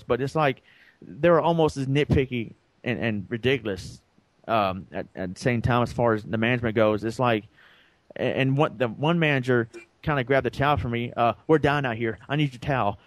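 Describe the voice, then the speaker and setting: A man's voice: mid-range voice, no echo. Rambling storyteller man, dry sound. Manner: rambling, acts out quoted dialogue. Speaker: podcast co-host. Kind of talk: casual storytelling.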